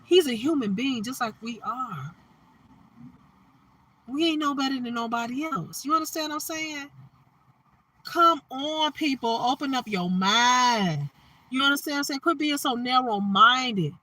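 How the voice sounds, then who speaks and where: A woman's voice: high-pitched, lively intonation, a little slow, pushed and bright. Emphatic woman preaching on a phone live. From Detroit, Michigan. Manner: emphatic, repeats "you understand what I'm saying". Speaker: livestream host. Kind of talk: preachy livestream monologue.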